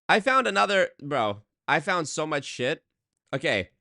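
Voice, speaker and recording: A man's voice: on the high side, sing-song, unhurried, vocal fry, sharp tone, no room sound, studio quality. A man hosting a comedy commentary, sarcastic and mocking as he picks apart a video. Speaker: host.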